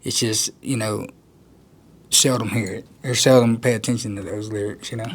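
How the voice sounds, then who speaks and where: A man's voice: lowish voice, fairly even intonation, moderate pace. A man, a country musician, talking casually in an interview, rambling and laughing often. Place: outdoors at a music festival.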